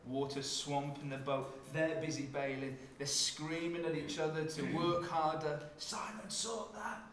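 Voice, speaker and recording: Male preacher, measured slow delivery, somewhat high voice, roomy hall sound. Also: little pitch movement, a little hiss or hum. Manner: dramatic shifts from hushed to loud when acting out scenes. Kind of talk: sermon.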